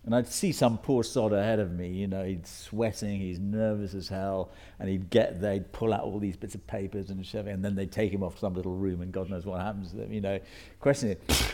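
A man's voice: lowish voice, fairly even intonation, brisk, few pauses, mellow. A man with a British received pronunciation accent, speaking as a guest on a stage panel before an audience, reflective and anecdotal, often restarting his sentences. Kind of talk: panel discussion.

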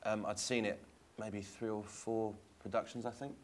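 A man's voice: on the low side, flat delivery, normal speed, a little hiss or hum. A man, an actor, speaking on a stage panel in a hesitant, thoughtful way with many fillers. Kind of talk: panel discussion.

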